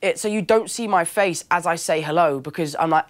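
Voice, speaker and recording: A young Londoner with an English accent appears as an actor guest in a casual interview, telling stories with animation and acting out other people's voices. His voice runs on the high side and fairly quick.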